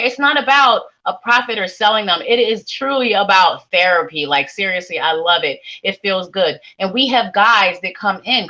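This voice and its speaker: Bright-voiced chatty woman reading tarot. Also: medium pitch. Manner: warm chatty, sing-songy, playful asides. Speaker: psychic tarot reader. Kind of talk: live-streamed reading for viewers. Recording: lo-fi stream audio.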